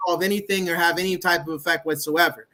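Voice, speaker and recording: Man, high voice, insistent, long-winded explaining, live chat. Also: steady tone, fast, crowd noise. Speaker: activist guest.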